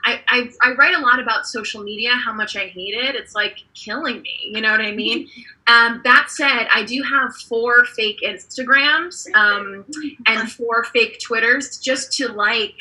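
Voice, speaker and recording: A young woman in her twenties doing a deadpan stand-up set, hesitant and full of ums. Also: on the high side, measured pace, rough recording. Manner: awkward, hesitant, lots of ums. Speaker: stand-up comedian. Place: online comedy show.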